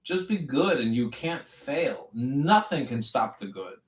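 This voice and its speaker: A man's voice: mid-range voice, a little slow. Guy preaching about god and the universe, rambly, kinda far off the mic in an echoey room. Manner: preachy, rambling, swings between calm and fervent. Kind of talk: rambling spiritual chat. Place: online audio chat room. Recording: echoey, distant audio-room capture.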